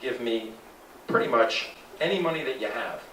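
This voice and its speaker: Man pitching to a crowd in an echoey room. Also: normal speed, far from the mic, a little hiss or hum. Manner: animated, salesy, asks the crowd questions. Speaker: presenter at a sales talk. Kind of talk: live presentation to an audience. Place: meeting room with an audience.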